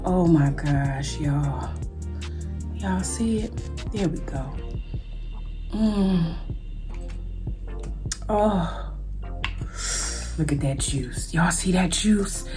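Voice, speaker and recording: A woman's voice: lowish voice, extremely slow, long pauses, music in the background. A woman hosting a mukbang food vlog, chatting casually to her viewers as she eats. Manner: chatty, addresses viewers as y'all, eats between words. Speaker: food vlogger.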